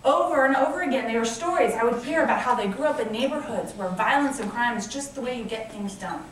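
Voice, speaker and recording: A woman's voice: on the high side, distant mic. A woman in her thirties, a nonprofit founder, giving an enthusiastic, grateful fundraiser speech with personal stories, recorded in a large convention hall. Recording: echoey hall picked up from afar.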